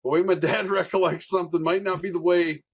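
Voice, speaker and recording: A young man, a racing driver guest, telling stories in a casual, animated way, laughing often and swearing freely. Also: high voice, brisk, slightly rough. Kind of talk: casual storytelling.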